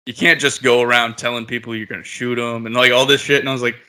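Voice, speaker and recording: A man's voice: medium pitch, flat delivery, fast, bright, forceful tone, clean tone. A man casually telling a long story on a podcast, laid-back and swearing a lot.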